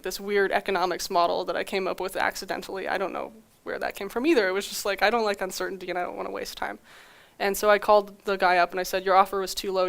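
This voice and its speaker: A young adult woman giving a conference talk, telling a story with acted-out quotes and frequent laughs. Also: medium pitch. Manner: animated, acts out quoted dialogue with laughs. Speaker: conference speaker.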